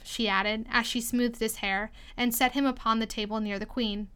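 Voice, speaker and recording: A woman reading a storybook aloud in an expressive, lively storytelling manner. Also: a little high, moderate pace, smooth. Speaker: storybook reader. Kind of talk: storybook read-aloud narration.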